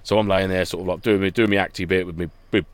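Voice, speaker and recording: A man's voice: low-pitched, fairly even intonation, quick pace, no echo. A man co-hosting a podcast, chatting casually and telling rambling stories with frequent laughs. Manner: rambling anecdotal storytelling, laughs often. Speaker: podcast co-host. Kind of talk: casual chat.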